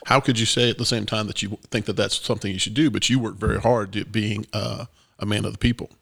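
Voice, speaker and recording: A male host with a low, gravelly voice that still cuts through brightly. He asks relaxed, probing questions and pushes back on his guest's answers. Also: fast, dry recording. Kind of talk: conversational interview.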